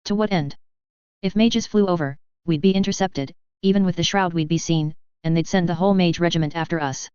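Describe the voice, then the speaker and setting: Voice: medium pitch, brisk, darkish tone, clear, resonant tone, no echo, dull audio, lightly acted. A narrator voicing a cold, calculating young female officer.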